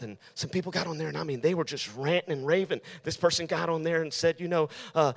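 A man's voice: fairly high pitch, a little fast, few pauses, a bit bright, in a large hall. A male youth pastor preaching to teenagers in an emphatic style, repeating his key lines. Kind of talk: sermon.

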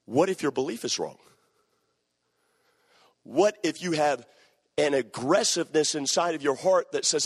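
A man's voice: medium pitch, expressive, moderate pace, pauses often, slightly rough, in a large hall. A man preaching a sermon, emphatic and repeating his key phrases.

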